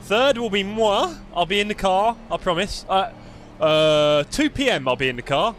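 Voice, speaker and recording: A man's voice: a little high, expressive, moderate pace, fairly bright tone, a little hiss or hum. An English man chatting and joking with his live-stream viewers while he drives a racing sim, on a desktop mic. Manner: chatty, joking, talks to chat while driving. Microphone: desktop USB mic.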